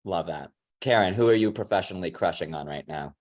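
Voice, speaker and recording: A man moderates an online panel in an easy, upbeat tone. He uses casual slang and talks at an ordinary pitch over a video call. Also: fairly quick, a little mellow.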